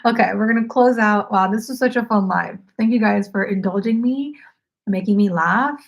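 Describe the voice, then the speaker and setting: Chatty woman with a gravelly voice. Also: medium pitch, normal speed, muffled recording. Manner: rambling and chatty, heavy use of "like". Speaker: knitting livestream host. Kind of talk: casual livestream chat. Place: at home.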